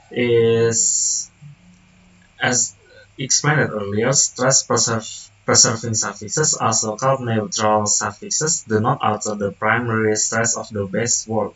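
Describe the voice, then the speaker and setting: A young man, a student whose first language is Indonesian, reading a class presentation haltingly, with restarts and self-corrections. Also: fairly low pitch, fairly bright tone, distant mic, rough recording. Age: young adult.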